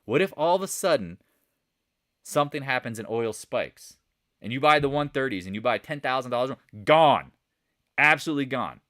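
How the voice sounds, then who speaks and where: A man hosting a live stock market chat, coaching viewers with lots of rhetorical questions in an animated, casual way. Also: medium pitch, brisk. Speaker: trading channel host.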